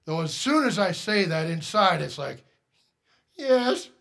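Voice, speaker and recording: A man's voice: fairly high pitch, animated, moderate pace, creaky, sharp tone. A man preaching a sermon as pastor, emphatic and direct, firing rhetorical questions at the congregation.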